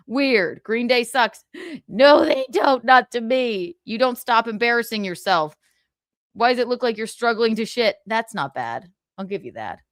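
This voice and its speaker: A woman hosting a casual livestream, reading viewer comments out loud in a brash, profane, giggly way. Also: a little high, lively intonation, measured pace, no echo, clean studio sound. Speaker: livestream host.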